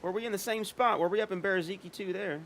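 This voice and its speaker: A man's voice: high voice, fast, fairly bright tone, slight background noise. A man chatting casually while live-streaming a game, rambling and swearing as he talks.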